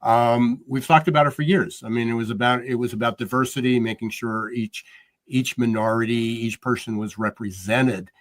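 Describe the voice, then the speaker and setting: A man hosting a podcast, speaking at a middle pitch. He rambles and halts, circling back and restarting his sentences as he works toward a point. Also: fairly even intonation. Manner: rambling, halting, many fillers and restarts. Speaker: podcast host. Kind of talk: podcast interview.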